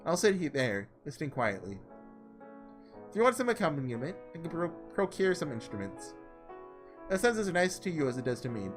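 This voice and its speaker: A man voicing a gentle, easygoing young man in a visual novel, read in his own relaxed voice. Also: fairly high pitch, brisk, faint music behind. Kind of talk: reading visual novel lines aloud.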